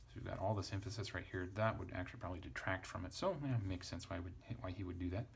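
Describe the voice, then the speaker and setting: A man with a very deep, gravelly voice talks through a lesson in a casual way. He thinks aloud and spells out letters one by one as he parses. A faint hiss runs under the recording. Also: rapid-fire. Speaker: Greek teacher.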